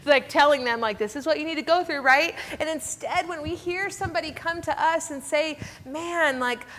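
High-voiced earnest woman, reverby room. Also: a little fast, fairly bright tone. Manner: earnest, conversational, addresses listeners as guys. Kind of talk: faith talk. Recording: long reverb.

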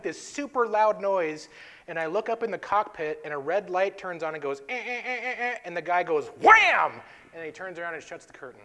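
A man from North Dakota co-hosting a faith-based talk, telling a story with lively voice play and frequent laughs. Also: a little high. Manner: animated storyteller, laughs often. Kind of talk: faith-based podcast chat.

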